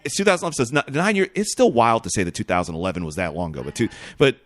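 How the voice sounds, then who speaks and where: A man hosting a podcast, talking in a relaxed, casual way with offhand swearing. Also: mid-range voice, very fast. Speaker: podcast host. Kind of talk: casual chat.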